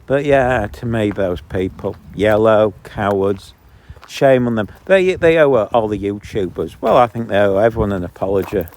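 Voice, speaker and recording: A man with a low voice, vlogging while walking his dog along a canal and ranting indignantly between remarks to the dog. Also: expressive, normal speed, darkish tone. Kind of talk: casual outdoor vlog ranting. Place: outdoors on a canal towpath. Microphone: handheld camera.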